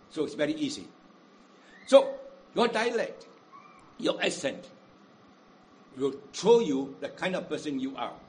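A man preaching a sermon, dramatic, with big swings in loudness and slow, stressed phrases. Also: on the high side.

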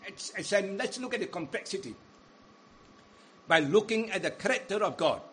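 A man preaching with a high voice, swinging between loud emphatic cries and low, quiet stretches as he quotes scripture. A faint hiss of noise sits behind him. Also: animated, normal speed. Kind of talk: sermon.

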